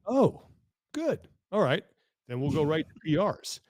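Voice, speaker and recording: A man hosting a podcast, telling stories in a lively, casual way and laughing often. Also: on the high side, no echo. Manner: animated storyteller, quick to laugh. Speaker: podcast host. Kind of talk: casual chat.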